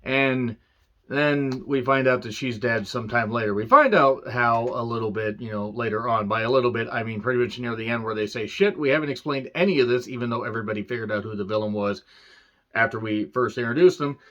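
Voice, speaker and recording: Male reviewer, sarcastic rambling rant, mid-pitched, on a dull lo-fi recording. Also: fairly quick, fairly bright tone. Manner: sarcastic, rambling, profane asides. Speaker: movie reviewer. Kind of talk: casual ranting film review.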